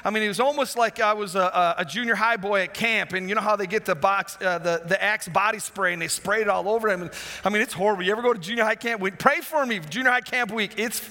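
A man's voice: high voice, quick pace. A man preaching a sermon as a pastor, telling a personal story with lots of restarts and asides. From Wisconsin, USA. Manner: animated, rambling with many restarts. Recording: long hall reverb.

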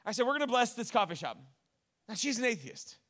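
A man preaching as a pastor, telling stories in his sermon with animated delivery and joking asides. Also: very high voice, fast, big-room sound. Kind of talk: storytelling sermon.

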